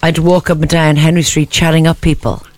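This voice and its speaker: A woman with an Irish accent co-hosting a morning radio show, telling a story in a chatty, animated way. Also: low-pitched, fairly quick, no room sound. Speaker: radio co-host. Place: radio studio.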